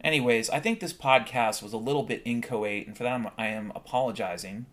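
A man's voice: medium pitch, brisk, fairly bright tone. A man hosting a solo podcast, ranting bluntly and swearing often in a heated monologue. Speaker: podcast host.

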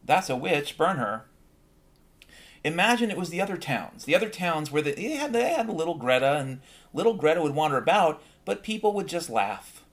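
A man's voice: on the high side, big pitch swings, fairly quick. A man hosting a solo podcast, ranting bluntly and swearing often in a heated monologue. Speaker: podcast host.

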